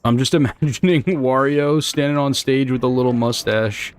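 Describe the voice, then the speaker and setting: Reading his live chat mid-speedrun, a young streamer rambles, jokes and swears in a relaxed way. He speaks at a normal pace in a medium-pitched voice that comes across clear and resonant.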